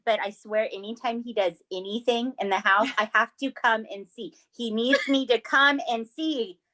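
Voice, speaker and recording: A woman's voice: fairly high pitch, steady tone, normal speed, pushed and bright. A woman co-hosting a casual true-crime podcast, chatty and laughing often. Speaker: podcast co-host. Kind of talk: casual chat.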